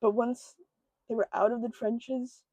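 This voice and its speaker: A woman talking through a book in a casual vlog, emotional and halting, with many fillers, close to her own microphone. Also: fairly high pitch, flat delivery, dark tone, no room sound, lo-fi sound. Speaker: book vlogger.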